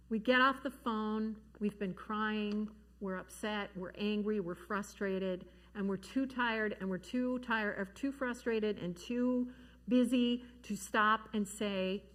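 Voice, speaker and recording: A woman giving an earnest, gentle talk to parents about grief at a church forum, slowing down to stress key words. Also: mid-range voice. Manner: gentle, earnest, slows down for emphasis. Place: church hall.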